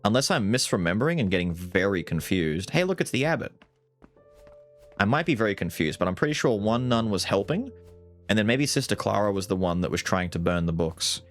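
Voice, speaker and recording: A man giving casual, animated let's-play commentary, thinking aloud and swearing casually. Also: on the low side, a little fast, soft background music. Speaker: gaming YouTuber.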